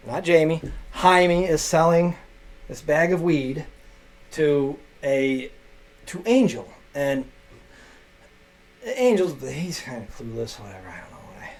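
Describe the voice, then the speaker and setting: A man telling stories from his teaching days in a casual, animated way, rambling with restarts and jumping to loud bursts when he quotes himself. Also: medium pitch, gravelly, a little hiss or hum, poor audio. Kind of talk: casual storytelling.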